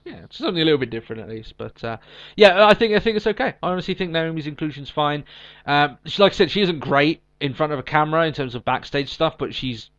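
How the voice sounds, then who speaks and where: A man's voice: on the high side, quick pace, a bit bright, muffled recording. A man co-hosting a podcast in casual chat, recapping with lots of ums and restarts. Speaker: podcast co-host.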